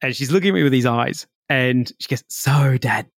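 A man hosting a podcast, telling a personal story in a relaxed, reflective way, full of "like" and "you know". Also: medium pitch, a little fast, gravelly, no room sound, studio quality. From Australia. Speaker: podcast host.

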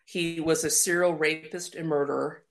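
Lower-voiced woman telling a faith story. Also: normal speed. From Colorado. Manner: lively storyteller acting out quotes. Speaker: guest.

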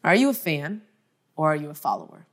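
A woman in her thirties speaks at a conference with a somewhat low voice. She mixes humorous storytelling with preacherly emphasis and direct questions to the audience. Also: big pitch swings, a little fast. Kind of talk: conference talk.

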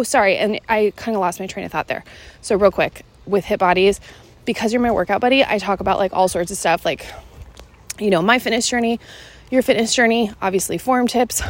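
A woman's voice: mid-range voice, slight background noise. A woman from Seattle hosting her fitness podcast while walking outdoors in the evening. She talks in a rambling, chatty way with many fillers and is slightly out of breath. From Seattle, Washington, USA. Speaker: podcast host and fitness coach. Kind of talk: casual solo podcast chat.

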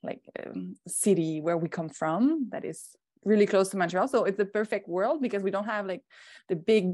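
A woman's voice: mid-range voice, darkish tone. A woman from Quebec with a French Canadian accent, a native French speaker, talking in an enthusiastic, chatty way with many fillers on a podcast. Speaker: podcast host and guest. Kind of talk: casual podcast chat.

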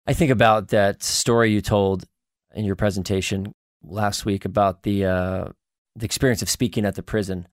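Man, interview host, low pitch, earnest, quick, dry recording. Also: fairly even intonation, no echo. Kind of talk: interview questions.

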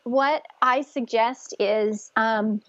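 A woman guest speaking gently and earnestly about spiritual connection, with frequent restarts. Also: fairly high pitch, fairly even intonation, extremely slow, dull audio, slight background noise. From Northern California. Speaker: guest, conception coach. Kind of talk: casual interview talk.

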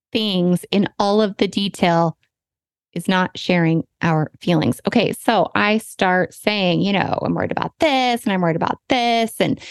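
A woman hosting a podcast, telling a personal story in a candid, animated, self-deprecating way. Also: medium pitch, dry recording. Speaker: podcast host.

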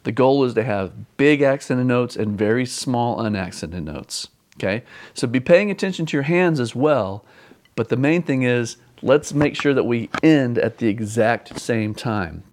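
Patient man teaching a drum exercise. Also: mid-range voice. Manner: patient, repeats instructions, counts beats aloud. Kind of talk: instructional lesson.

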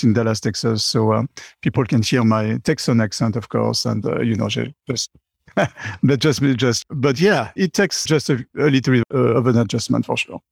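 A man's voice: medium pitch, vocal fry, dry recording, clean studio sound. A middle-aged man, a chatty interview guest who fills his talk with "you know". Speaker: guest, company CEO. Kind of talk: conversational interview.

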